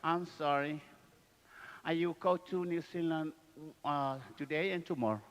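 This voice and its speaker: A man's voice: on the high side, fairly even intonation, unhurried, long reverb tail, noisy background. A man doing a comic bit, teasing in singsong broken English. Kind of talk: comic bit with playful banter.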